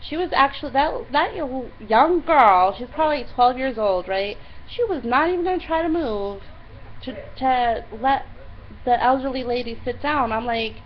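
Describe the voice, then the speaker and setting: A woman's voice: high-pitched, normal speed. Exasperated woman telling a story. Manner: animated, exasperated retelling with many "I'm like" quotes. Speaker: vlogger. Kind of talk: casual diary-style storytelling. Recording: slightly dull lo-fi recording with faint hiss.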